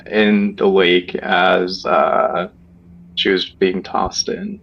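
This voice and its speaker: Male player in character, very low and slow delivery, muffled audio. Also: level tone, creaky, a bit bright, slightly rough. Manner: slow, halting, formal. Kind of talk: in-character tabletop role-play.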